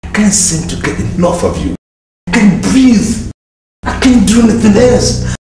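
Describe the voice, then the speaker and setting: A man with a Nigerian accent playing an obsessive, menacing lover, murmuring in a creepy, breathy way. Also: high-pitched, sing-song, measured pace. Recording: far-off echoey room with loud music.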